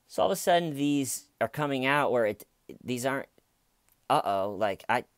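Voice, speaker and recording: A man's voice: mid-range voice, animated, normal speed, clean tone, no echo, clean studio sound. A man hosting casual true-crime commentary, sarcastic and profane, mimicking the people he talks about. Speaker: commentary channel host.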